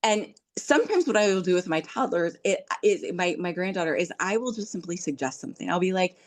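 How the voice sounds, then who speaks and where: A woman's voice: fairly low pitch, expressive, fast, hardly any pauses. A middle-aged woman hosting a podcast, giving earnest relationship advice in a casual, coaching way. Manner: earnest, coaching, acts out quoted dialogue. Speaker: podcast host.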